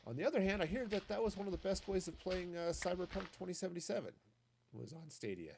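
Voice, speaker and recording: A man's voice: sits high, animated, fast talker, vocal fry, darkish tone, slight background noise. A man streaming a game, chatting casually and thinking aloud with many restarts. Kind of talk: casual commentary while gaming.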